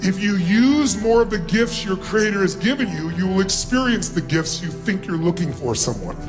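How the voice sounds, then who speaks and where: A high-voiced man leads a live motivational seminar, firing energetic commands and questions at thousands of listeners. Faint music plays softly under his voice in the big hall. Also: moderate pace. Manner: energetic, commanding, calls out to the crowd. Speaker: motivational speaker. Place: large event hall before thousands.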